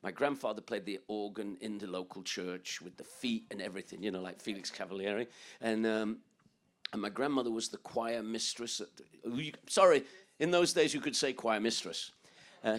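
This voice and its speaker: A man's voice: fairly low pitch, moderate pace, fairly bright tone. An older man from England, a musician telling rambling, joking stories in an interview, laughing often. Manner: rambling, joking, laughs often, breaks into song and quoted voices. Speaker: guest musician. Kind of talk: storytelling interview.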